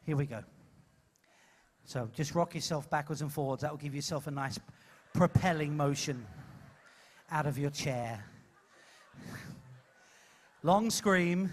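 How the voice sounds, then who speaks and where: A man's voice: a little high, measured pace, long pauses, slight background noise. A man hosting a live comedy show, coaching a volunteer from the audience with playful, teasing patter on a cruise ship stage.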